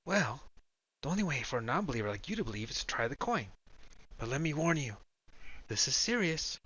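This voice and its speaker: A man voicing a bold, teasing young woman who holds a magic coin, speaking high and bouncy in an audiobook. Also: sing-song, brisk, fairly bright tone, no echo, lo-fi sound. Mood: warning.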